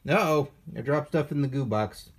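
A man's voice: medium pitch, normal speed, husky. A man hosting a toy unboxing, chatting casually with playful jokes and asides. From United States.

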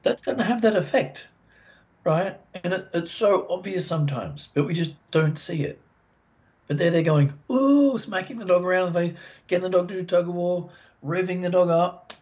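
A talkative man with a fairly high voice, speaking as a podcast guest. He tells stories with energy and slips into the voices of the people he describes. The sound is slightly dull and lo-fi. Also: moderate pace. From Australia. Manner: chatty, animated storyteller who acts out owners' voices. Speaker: dog behaviour expert guest. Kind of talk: casual podcast interview.

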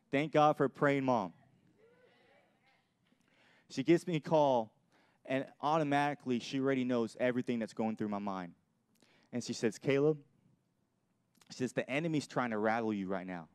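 A man's voice: medium pitch, moderate pace, long pauses, smooth, no room sound. A young adult man pastor giving an earnest sermon with personal testimony, often repeating and restarting his phrases. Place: church.

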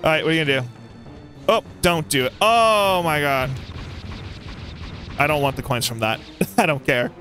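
A young man giving let's play commentary on a boss fight, excitable and taunting the enemy. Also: on the high side, moderate pace, long pauses, faint music behind. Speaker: gaming YouTuber.

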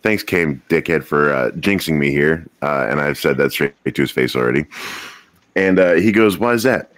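Podcast co-host, male, low voice, dry close mic, joking and rambling delivery. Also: normal speed, a bit bright, dry recording. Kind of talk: casual chat, storytelling.

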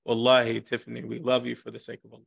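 A man's voice: mid-range voice, completely flat delivery, very fast, vocal fry, fairly bright tone, dry recording. A man teaching a class over a video call, informal and joking, often repeating himself. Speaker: class instructor.

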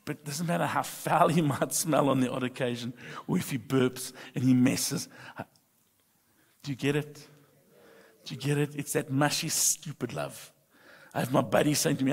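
A middle-aged pastor preaching a sermon, emphatic and humorous, moving between soft confiding talk and loud bursts. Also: male voice, mid-range voice, steady tone, normal speed, creaky, husky. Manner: humorous storytelling. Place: church sanctuary. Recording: long reverb of a church hall.

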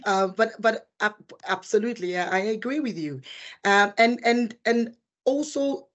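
A woman's voice: medium pitch, a little slow, muffled recording. A woman interviewing a guest, speaking in a friendly, hesitant way with many fillers. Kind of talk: interview conversation.

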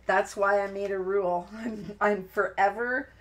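Steady and unhurried, a medium-pitched woman hosts a live-streamed card-making tutorial. She talks casually and meanders as she crafts, frequently dropping sentences halfway and laughing at her own mistakes.

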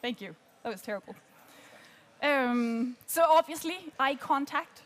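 A woman coaching a group on presenting, chatty and lively, often laughing between points. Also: high-pitched, unhurried. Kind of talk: workshop teaching.

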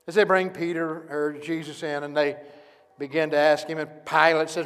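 High-voiced preacher in an echoey church. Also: male voice, unhurried. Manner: dramatic storytelling, acting out each character's words. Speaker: pastor. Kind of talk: sermon. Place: church sanctuary.

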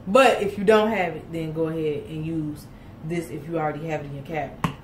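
A woman's voice: deep voice, steady tone, fairly quick, noisy background. A woman chatting casually to viewers as she cooks in her home kitchen. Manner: chatty, folksy, talks to viewers as y'all. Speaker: home cook host. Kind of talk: casual cooking chat. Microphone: camera set off to the side. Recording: roomy kitchen audio from a distance.

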